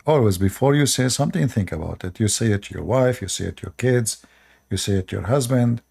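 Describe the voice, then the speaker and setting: A Middle Eastern man fires off short, repeated commands to his live stream viewers in broken grammar, speaking with the Arabic accent of a native Arabic speaker. The monologue is casual yet animated and fast, delivered in a mid-range, gravelly, husky voice with a darkish tone.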